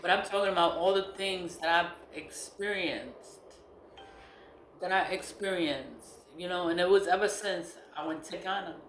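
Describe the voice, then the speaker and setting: A woman in her forties, a nonprofit founder, talking candidly and rambling in a casual vlog, swearing freely, her voice going hoarse. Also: fairly low pitch, measured pace, a little hiss or hum. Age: 40s. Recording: roomy echo, faint ambience.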